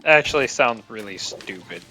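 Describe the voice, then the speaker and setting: A man in casual gaming chat with a bright, forward voice. He lays out his next moves plainly and practically. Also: fairly low pitch, expressive, normal speed, faint music behind, rough recording. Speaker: friend playing along.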